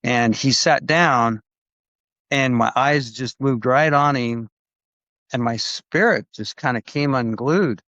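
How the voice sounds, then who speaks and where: A man speaking as a guest on a podcast, telling a story in a loose, rambling way and stopping often to restart. He acts out the people he quotes as he goes. His voice sits mid-pitch and comes through a dull, lo-fi recording with no room echo. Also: takes it slowly, fairly bright tone. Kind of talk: conversational storytelling.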